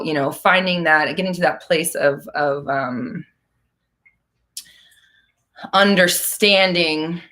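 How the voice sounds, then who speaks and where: A woman with a fairly low, fairly bright voice hosts a live Q&A as a manifestation coach. She keeps the stream chatty and blunt, swearing freely and laughing between points.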